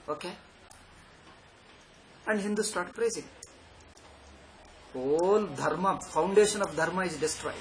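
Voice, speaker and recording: A man's voice: sits high, moderate pace, pauses often, slight background noise, rough recording. A man giving a spiritual lecture, sarcastic and emphatic, often repeating his phrases. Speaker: Vedanta teacher.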